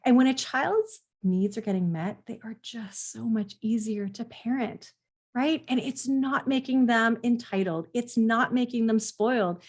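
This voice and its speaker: A woman's voice: fairly high pitch, measured pace. Earnest woman parenting coach explaining. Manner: earnest, explanatory, acts out quoted parents and kids. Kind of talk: conversational teaching monologue.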